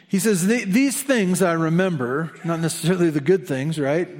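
A man preaching a conversational sermon, asking the listeners questions and slipping in chatty asides. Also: fairly high pitch. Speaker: pastor.

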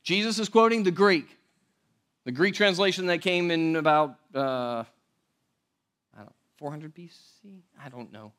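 A man preaching a sermon as pastor, conversational and animated, often checking in with the audience. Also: fairly high pitch, unhurried, long pauses.

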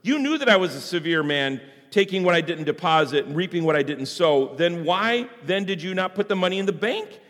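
A stern king passes judgment in a solemn, measured voice, read aloud by a man. The voice sits high. A long reverb trails behind it, as in a large hall. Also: big pitch swings, a bit bright.

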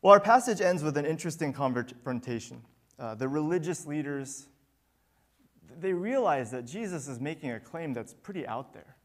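A man's voice: fairly high pitch, expressive, normal speed. A man preaching a sermon as pastor, earnest and building to emphatic peaks.

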